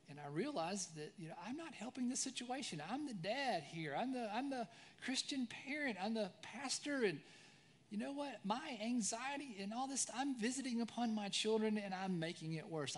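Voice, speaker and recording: A man in his forties preaching a sermon as pastor, conversational, often tagging "right?", shifting between lively storytelling and soft reflection. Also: high-pitched. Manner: conversational, frequent "right?" tag questions.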